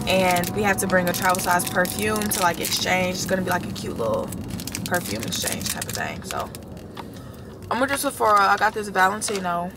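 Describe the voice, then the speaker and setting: Holding or propping up her phone camera, a young woman vlogs casually while running errands in her car and around a mall. Her medium-pitched voice is expressive and fairly quick, with background noise behind it. She's chatty but sleepy and calls her viewers y'all.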